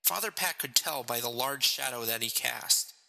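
A man reads his story aloud in a slow, measured way. His voice is gravelly, crisp and sharp-edged. A long reverb trails after every line. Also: mid-range voice, animated. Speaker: narrator, reader of his own story. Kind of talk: storybook narration.

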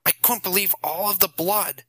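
A cruel teenage bully with a coarse, taunting tongue, voiced a little higher than a grown man's natural pitch, as a male audiobook narrator puts him on. The tone is very bright and cutting, and the recording is dry and close. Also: fairly even intonation, normal speed, slightly rough, dry recording, exaggerated voice, low-quality recording. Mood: gloating. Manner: swearing, taunting, dismissive. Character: cruel teenage boy bully, crude and menacing.

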